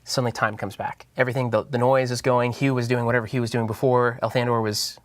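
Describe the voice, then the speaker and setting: A man narrating a tabletop game as game master, in a loose, halting way with many fillers. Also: mid-range voice, level tone, dry recording.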